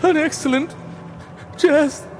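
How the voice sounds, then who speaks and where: A man voicing a frantic chained nobleman, with a shrill, quavering voice that keeps breaking into nervous laughter. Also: steady tone, slow, long reverb tail, soft background music. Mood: hysterical laughing.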